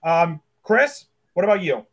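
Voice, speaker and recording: High-voiced man hosting a casual chat. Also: sing-song. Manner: halting, lots of ums and restarts, curses casually. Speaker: podcast host.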